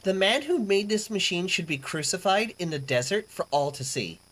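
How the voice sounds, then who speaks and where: A woman's voice: on the low side, animated, normal speed, background noise. A young woman hosting a live stream, chatting casually, rambling and swearing freely as she reacts to chat. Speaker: livestream host.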